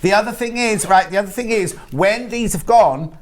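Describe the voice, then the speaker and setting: A man's voice: high-pitched, moderate pace. A man presenting on a shopping channel, jokey and urgent, repeating prices and stock counts. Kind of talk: live sales presenting. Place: television studio.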